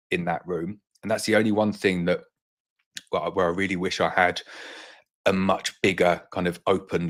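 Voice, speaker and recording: Deep-voiced British man chatting on a live stream. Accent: British English. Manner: chatty, repeats words while thinking aloud. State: slightly out of breath. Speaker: beekeeper hosting a live Q&A stream. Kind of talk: casual live-stream chat.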